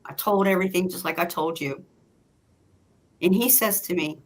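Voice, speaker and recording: A woman's voice: fairly low pitch, normal speed, pauses often. A woman guest telling a personal story in casual chat, acting out what people said. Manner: animated, acts out quoted lines.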